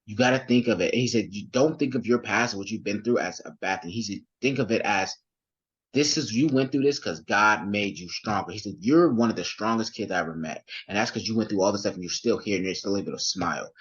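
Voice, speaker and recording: Husky young man telling his story. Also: lowish voice, quick pace, muffled recording. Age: young adult. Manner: rambling, with many fillers and restarts. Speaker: guest. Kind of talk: casual storytelling interview.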